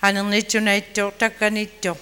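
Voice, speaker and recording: In an echoey church hall with a long reverb tail and faint music behind, an interpreter renders a sermon phrase by phrase into another language, echoing the preacher's acting. The mid-range voice is smooth and sharp in tone, a little fast, with a completely flat delivery.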